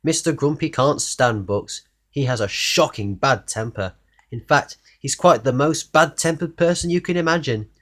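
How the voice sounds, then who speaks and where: A man reading a children's storybook aloud in an expressive way, asking the listener questions along the way. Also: medium pitch, moderate pace. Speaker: narrator reading a children's book.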